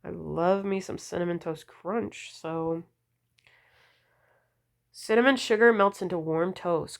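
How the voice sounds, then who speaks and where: A woman vlogger chatting casually about nail polish, gushing and full of fillers, her voice deepened and a bit slurred from a cold. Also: slow pace, creaky, long pauses. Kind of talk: casual wishlist chat.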